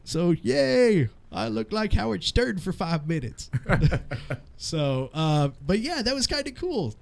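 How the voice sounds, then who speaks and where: High-pitched, slow, and marked by vocal fry, this man in his thirties co-hosts a casual radio show. He laughs, swears, and tells stories with animation in a podcast-banter style.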